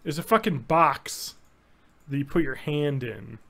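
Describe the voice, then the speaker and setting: Excitable swearing man, raised pitch. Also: measured pace, gravelly. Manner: excitable, rambling, heavy swearing. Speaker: podcast co-host. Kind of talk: casual chat.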